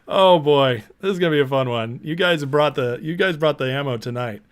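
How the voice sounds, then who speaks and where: A man's voice: a little high, brisk, clean tone. A man hosting a casual livestream, chatting loosely and reading out viewer comments as he goes. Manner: chatty, reads out viewer comments and laughs along. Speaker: livestream host.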